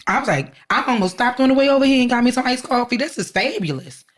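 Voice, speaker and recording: A woman's voice: a little high, animated, fast. A young adult woman co-hosting a podcast, telling a story in a casual chat, swearing and acting out the lines she quotes. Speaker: podcast co-host.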